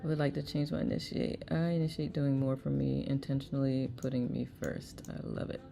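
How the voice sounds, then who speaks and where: A woman's voice: very deep voice, fairly even intonation, brisk, gravelly, warm tone, faint music behind. A woman hosting a live online chat, reading viewers' messages aloud and laughing often. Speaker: host.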